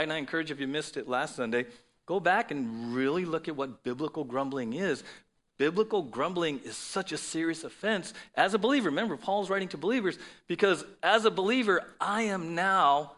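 A man's voice: a little high, fairly bright tone. A man preaching a sermon to his congregation, in a conversational style with frequent "right?" asides. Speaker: pastor.

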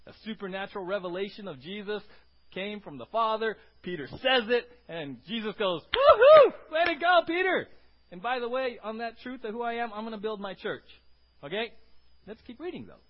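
A male pastor giving an animated sermon, with sudden shouts and calls for the congregation to answer. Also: high voice, dull audio.

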